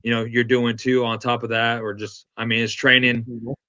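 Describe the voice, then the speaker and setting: A man hosting a podcast, asking questions in a casual, halting way with lots of fillers. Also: medium pitch, monotone, bright, forceful tone, muffled recording. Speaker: podcast host.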